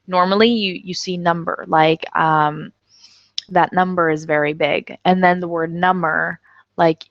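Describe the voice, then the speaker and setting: A woman teaching an English class in a casual, chatty way, laughing often and reading example sentences out slowly. She is tired and her jaw is numb. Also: fairly low pitch, steady tone, creaky, no echo, muffled recording. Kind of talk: casual online English lesson.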